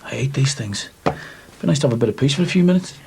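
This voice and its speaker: A man's voice: medium pitch, expressive, quick pace, creaky, noisy background. A middle-aged man, playing a chatty, dry-humoured handyman in a 1990s TV soap.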